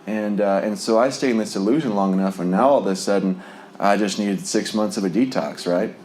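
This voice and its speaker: A man's voice: fairly low pitch, a little fast, a little mellow, a little hiss or hum. A man sharing a personal recovery testimony in a conversational, rambling way, full of fillers and small laughs. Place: Lubbock, Texas.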